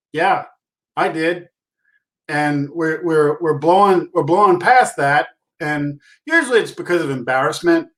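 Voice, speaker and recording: A middle-aged man telling his story as a guest in a casual interview, animated and self-deprecating, with frequent restarts. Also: fairly high pitch. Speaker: podcast guest, concussion awareness speaker.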